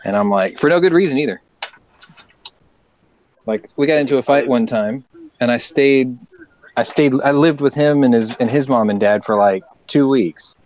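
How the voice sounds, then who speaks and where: A man's voice: medium pitch, normal speed, long pauses, dull audio, a little hiss or hum. A man hosting a casual online lobby and telling profane family stories, voicing the people in them as he goes. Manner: storytelling, profane, animated quoting. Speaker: lobby host. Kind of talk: casual chat.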